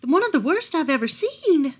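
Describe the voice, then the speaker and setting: A woman reading aloud and voicing a kind, bright old woman in a storybook. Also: high-pitched, sing-song, normal speed, pitched above the performer's own voice. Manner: bright, gentle.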